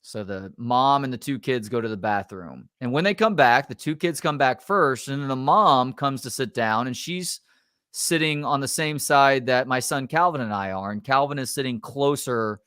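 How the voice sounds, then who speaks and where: A middle-aged man, a sports talk show host, telling a story in a casual, animated and exasperated way, swearing now and then. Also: mid-range voice, moderate pace, smooth, dry recording, clean studio sound.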